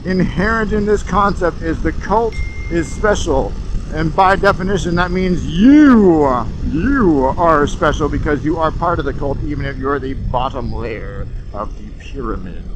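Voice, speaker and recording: A man with a high-pitched voice talks through a casual comedic monologue while driving. He is sarcastic and animated, and he works himself up as he goes. A faint hum of road noise sits under his voice. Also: unhurried. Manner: sarcastic, animated, gets worked up. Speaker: host. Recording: road noise from a moving car.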